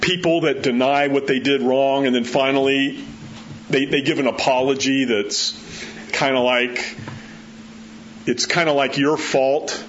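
Animated middle-aged preacher, conversational. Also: male voice, a little slow. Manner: conversational, animated, acts out quotes with rising pitch. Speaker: pastor. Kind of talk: sermon. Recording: slightly dull sound with faint background noise.

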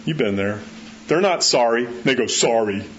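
A middle-aged man preaching a sermon in a conversational, animated way, swinging his voice high for emphasis and for quoted lines. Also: moderate pace, crowd noise. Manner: conversational, animated, acts out quotes with rising pitch. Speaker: pastor. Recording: slightly dull sound with faint background noise.

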